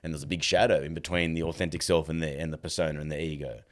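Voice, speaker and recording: Guy in his thirties, very deep voice, chatty guest who re-enacts conversations, lots of "bro". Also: rapid-fire. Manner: animated, acts out dialogue, fills with "like" and "bro". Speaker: podcast guest. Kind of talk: casual storytelling.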